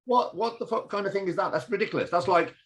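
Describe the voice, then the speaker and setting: A man from England, a fitness event founder, chatting as a podcast guest, lively and blunt, with the odd swear word. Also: high-pitched, fast talker. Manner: animated, swears, storytelling. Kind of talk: casual interview chat.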